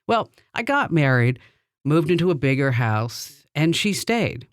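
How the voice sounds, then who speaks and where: A woman's voice: sits low, sing-song, a little slow, no room sound, clean studio sound. A middle-aged woman hosting a podcast, telling personal stories in a chatty way and laughing between lines. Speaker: podcast host.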